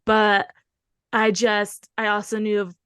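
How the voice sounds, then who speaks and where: Woman host rambling on a podcast, smooth clear voice, lots of likes and ums. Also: mid-range voice, completely flat delivery, slow, fairly bright tone, no room sound, studio quality. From Pacific Northwest of the US. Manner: chatty, rambling with many fillers. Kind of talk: casual podcast chat.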